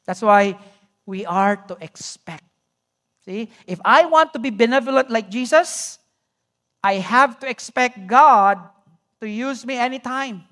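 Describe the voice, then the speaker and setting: Cebuano-accented filipino pastor, animated church sermon, lots of "see?" and "you know". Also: male voice, extremely high pitch, unhurried. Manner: animated preaching with rhetorical questions, mixing in Cebuano.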